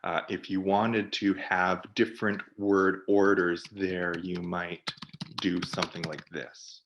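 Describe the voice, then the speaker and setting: Deep-voiced man explaining software. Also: level tone, slow pace, dull audio, noisy background. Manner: explanatory, thinks aloud while demonstrating. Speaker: product team presenter. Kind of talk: webinar software walkthrough.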